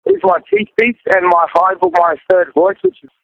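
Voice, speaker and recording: A man, a beatboxer answering interview questions in a loose, halting way and calling the interviewer "man". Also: sits high, huge pitch swings, gravelly, lo-fi sound, heavy background noise. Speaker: beatboxer guest.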